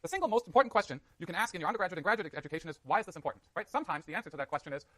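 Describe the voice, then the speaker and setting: Man teaching a class, very fast talker, lively pitch, dry close sound. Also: no room sound. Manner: fast, animated, jokey asides to students. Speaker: university lecturer. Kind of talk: classroom lecture.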